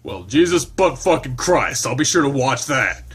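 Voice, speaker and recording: Guy doing a crude swearing lizard dude, teasing and rough, mid pitch. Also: very animated, moderate pace. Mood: mocking. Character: crude, foul-mouthed male lizard young adult.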